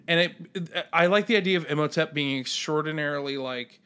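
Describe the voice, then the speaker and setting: A man's voice: a little high, brisk, fairly bright tone, clear, resonant tone. A man co-hosting a podcast, talking casually and rambling through ideas with lots of restarts. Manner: rambling with many fillers and restarts, acting out scenes. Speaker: podcast co-host. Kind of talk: casual chat.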